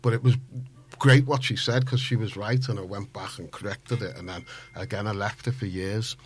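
A man, a low, husky voice, talking as a guest author in a radio studio. He rambles animatedly, circling back and restarting his sentences as the stories pour out. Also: fairly even intonation, moderate pace. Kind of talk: casual radio interview.

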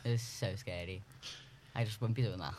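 A man's voice: fairly low pitch, fairly even intonation, a little fast, darkish tone, a little hiss or hum. A young man, chatting casually in a group and talking emphatically with lots of fillers. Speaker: group discussion member. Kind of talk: casual chat.

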